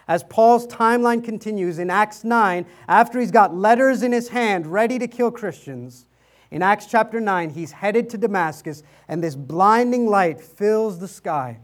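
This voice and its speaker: A man's voice: high voice, lively intonation, unhurried. A man preaching a sermon as pastor, speaking rhetorically, repeating his points and asking "right?" often, and reading scripture dramatically.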